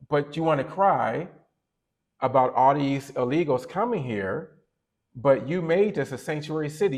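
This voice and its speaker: A man's voice: a little high, darkish tone. A man co-hosting a podcast, giving opinionated casual commentary that rambles and corrects itself as he goes. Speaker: podcast co-host.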